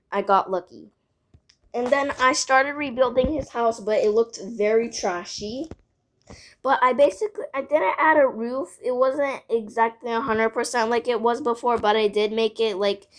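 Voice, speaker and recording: A female voice telling a casual storytime vlog, rambling with lots of "like" and side remarks. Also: on the high side. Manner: rambling, filled with "like", frequent asides.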